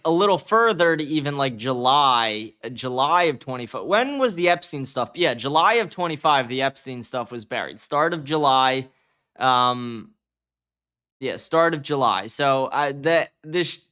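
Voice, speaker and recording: Brief: male livestream host, slightly high voice, crude and rambling, chuckles through his stories. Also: pushed and bright, clean tone. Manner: loose, profane and rambling, laughing at his own stories. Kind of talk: casual livestream commentary.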